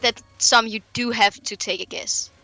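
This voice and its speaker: A woman's voice: fairly high pitch, fairly even intonation, moderate pace, creaky, pushed and bright, faint music behind, rough recording. A woman bantering casually and teasingly with a friend during a gaming stream. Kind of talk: casual chat.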